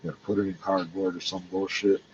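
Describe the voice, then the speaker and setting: A man's voice: low-pitched, level tone, fast talker, darkish tone, muffled recording, a little hiss or hum. A man in pain, ranting in a rambling, heated and profane way. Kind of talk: angry rambling rant.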